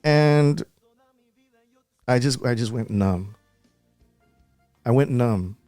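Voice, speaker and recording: A man's voice: medium pitch, very slow, mellow, no room sound, faint music behind. A man as a podcast guest, talking earnestly and repeating himself as he recalls an upsetting event. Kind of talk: emotional podcast interview.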